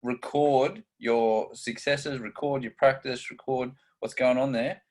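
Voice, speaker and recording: A man co-hosting a casual podcast chat, energetic and steering the talk through tips. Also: medium pitch, unhurried. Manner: energetic, steers topics, chatty asides. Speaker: co-host.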